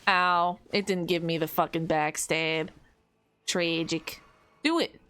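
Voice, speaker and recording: A woman streamer giving casual, playful commentary while gaming. She swears, taunts the enemy and rambles quickly to herself. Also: lowish voice, steady tone, a bit bright, smooth. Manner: rambling fast self-talk.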